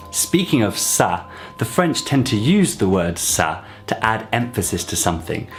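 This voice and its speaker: A man with a fairly low voice teaches a video language lesson, explaining each point plainly and patiently. He slows down to repeat example phrases for learners. Soft guitar music plays faintly underneath. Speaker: French teacher.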